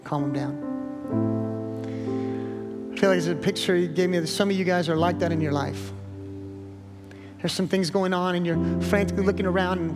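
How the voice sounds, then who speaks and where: Earnest man preaching over soft guitar. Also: sits high, steady tone, fast. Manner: earnest, pleading encouragement. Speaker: pastor. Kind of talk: sermon with closing prayer. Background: guitar music.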